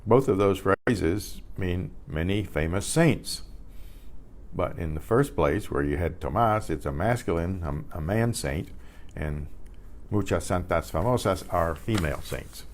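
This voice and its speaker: An older man teaching a beginner Spanish class, patiently repeating practice words and often clearing his throat. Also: low voice, lively intonation, a little slow. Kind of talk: beginner language lesson. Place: community class room.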